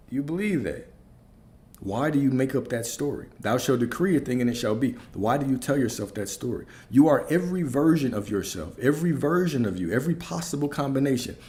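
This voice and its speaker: A man's voice: mid-range voice, a little mellow. A man giving a spiritual talk as a coach, preaching emphatically, repeating key phrases and asking rhetorical questions.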